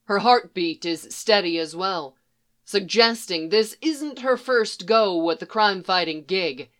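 A woman narrating a fan fiction story in a steady, even storytelling manner. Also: mid-range voice, measured pace. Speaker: fanfic audiobook reader. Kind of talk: scripted narration.

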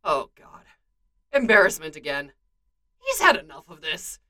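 A woman reading fan fiction aloud with expressive storytelling. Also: on the low side, a little slow. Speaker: narrator.

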